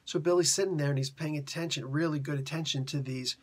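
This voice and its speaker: A man's voice: on the high side, fairly even intonation, fast, husky. A man who reviews comics, retelling a story in chatty, slangy casual talk. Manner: chatty, slangy, laughs often.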